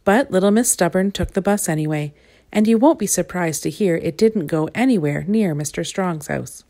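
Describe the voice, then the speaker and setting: A woman reads a children's picture book aloud in a fairly low voice. She turns to her young listeners with playful asides and lively expression. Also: normal speed. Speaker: storybook reader.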